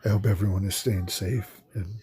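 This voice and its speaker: A man commentating on a card game in a halting, soft-spoken way, with many pauses and fillers. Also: low-pitched, steady tone. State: emotional, voice breaking. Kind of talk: casual gameplay commentary.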